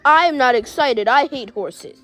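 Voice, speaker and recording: A woman voicing a grumpy, lovestruck teenage boy in a toy role-play, in a lowered voice. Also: animated, measured pace, fairly bright tone, faint music behind. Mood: sulky. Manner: sulky, whiny, smitten.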